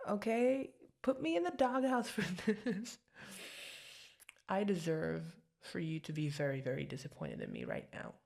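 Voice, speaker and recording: A woman playing a low, husky chatty girlfriend. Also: darkish tone, exaggerated voice. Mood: apologetic. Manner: rambling, giggly and self-deprecating. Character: apologetic, chatty young girlfriend. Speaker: voice actress. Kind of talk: ASMR girlfriend role-play.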